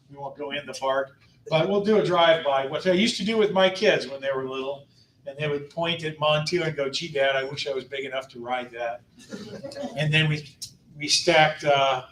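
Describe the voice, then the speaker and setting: This is a slightly high, somewhat bright male voice belonging to a tour company host in his fifties. He presents upcoming trips to a travel club in a meeting room, joking, upbeat and laughing between items. Captured from far away in an echoey room, there's a little hiss or hum.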